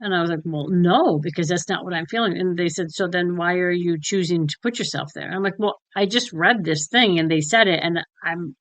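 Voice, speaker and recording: A woman's voice: on the low side, brisk, few pauses, a bit bright, no echo. A woman co-hosting a casual spiritual chat, frank and blunt, swearing freely and acting out conversations as she retells them. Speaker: co-host.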